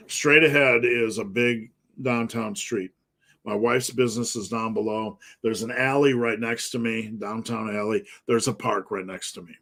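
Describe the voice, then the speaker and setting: A man's voice: mid-range voice, a bit bright. A man, a fitness coach answering live viewer questions, talking bluntly and profanely in an emphatic rant.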